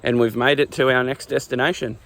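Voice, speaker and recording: A man's voice: medium pitch, fairly even intonation, a little fast, a bit bright, soft background music. A man announcing arrival at a roadside camp in a casual travel vlog. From Australia. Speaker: travel vlogger. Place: outdoors at a roadside campsite.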